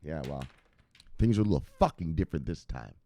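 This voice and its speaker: A man hosting a crypto news channel, ranting to his viewers in a profane, theatrical way that swings from loud shouts to muttered asides. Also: very deep voice, expressive, brisk, vocal fry. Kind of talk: fired-up rant to viewers.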